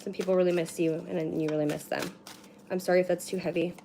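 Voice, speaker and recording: A woman's voice: on the low side, level tone, fast, creaky, dark tone. Chatty woman giving a card reading. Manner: chatty, rambling, swears casually, many "like" fillers. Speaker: card reader. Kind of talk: casual livestream card reading. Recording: noisy with card shuffling and clicks. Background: shuffling cards and clicks.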